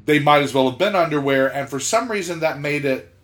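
Podcast co-host man from south georgia, animated storyteller, slightly high voice, swooping pitch. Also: fairly quick. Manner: animated, laughs mid-sentence, acts out quotes. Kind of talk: casual storytelling.

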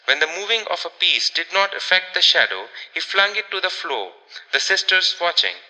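A man narrating a ghost story in a measured, expressive audiobook reading. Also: sits high, in a large hall, low-quality recording.

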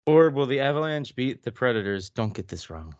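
A man co-hosts a casual chat, keeping his banter dry and low-key. His voice sounds dull and dry, as if recorded on a lo-fi setup. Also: sing-song, a little fast, dry recording. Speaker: podcast co-host.

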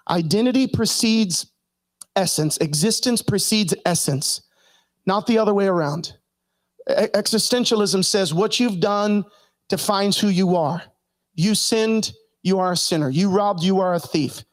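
A man delivers a sermon in a strikingly high voice. He calls out to the congregation for responses and climbs into impassioned, shouted preaching. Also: moderate pace, dry recording.

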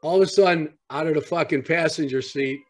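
A man's voice: on the high side, brisk. A man from Rhode Island telling a long story on a podcast, rambling, repeating himself and swearing constantly. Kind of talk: casual storytelling chat.

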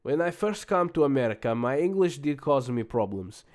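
A man's voice: medium pitch, big pitch swings, moderate pace, a little mellow, natural voice. Man putting on a boastful Russian immigrant with a thick Russian accent. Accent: put-on Russian. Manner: grandiose, broken English, dramatic.

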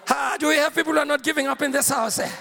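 A male pastor delivering a fiery sermon, often shouting and calling on the congregation to answer back. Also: extremely high pitch, steady tone, rapid-fire, gravelly, in a large hall, a little hiss or hum. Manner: fiery preaching with shouted call-and-response.

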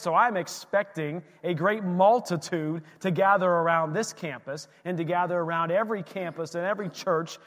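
A man in his thirties, a pastor preaching a sermon, emphatic, repeating key phrases and swinging between quiet and loud. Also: a little high. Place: church sanctuary. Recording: long reverb of a church hall.

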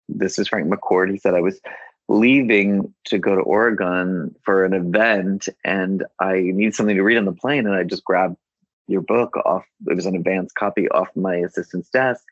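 A man's voice: deep voice, dry recording, dull audio. A man guest on an author interview, telling a rambling story full of restarts and quoted dialogue. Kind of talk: casual anecdotal storytelling.

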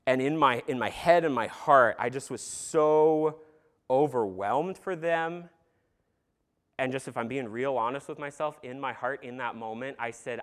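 A man's voice: medium pitch, a little slow, smooth. A man preaching an earnest sermon in a conversational way, with casual fillers and some humor. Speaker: pastor.

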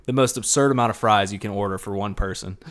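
A man's voice: on the low side, fast talker, fairly bright tone. A man co-hosting a podcast in casual chat, dropping short, dry, teasing remarks. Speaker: podcast co-host.

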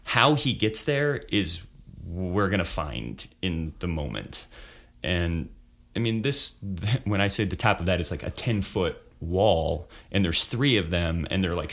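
A man's voice: deep voice, lively intonation, unhurried, vocal fry, a bit bright. A man in casual podcast chat, telling a story in a loose, rambling way with many fillers. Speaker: improv performer, guest.

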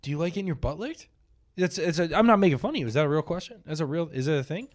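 A man's voice: fairly high pitch, lively intonation. Young male co-host, teasing crude banterer. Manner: teasing, quick crude jokes. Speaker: podcast co-host, comedian. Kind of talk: casual banter.

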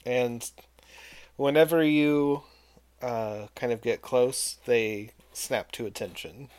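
A man running a tabletop game as game master, narrating in an unhurried, hesitant way. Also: mid-range voice, fairly even intonation, darkish tone, smooth, no echo.

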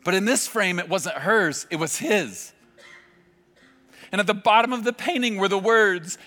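A male pastor preaching a sermon, telling a vivid story with dramatic pauses. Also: high-pitched, bright, forceful tone. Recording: long hall reverb with faint music. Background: faint music.

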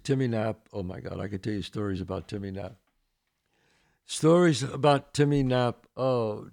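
Middle-aged New host, gravelly voice, casual storyteller who acts out the voices. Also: male voice, lowish voice, a little mellow. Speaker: podcast host. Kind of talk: casual storytelling and answering listener questions.

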